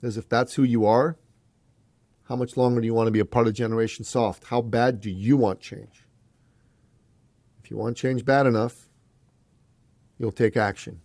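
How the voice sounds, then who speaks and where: A man's voice: medium pitch, steady tone, brisk, long pauses, darkish tone, no echo. A man as a podcast guest, telling a motivational story in an emphatic, punchy way and challenging the listener.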